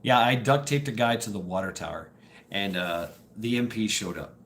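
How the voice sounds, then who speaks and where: A man's voice: lowish voice, lively intonation, normal speed, a bit bright, a little hiss or hum. A man hosting a livestream, telling stories to his chat in a loose, rambling way, laughing and swearing as he goes. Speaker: livestream host. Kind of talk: casual storytelling to live chat.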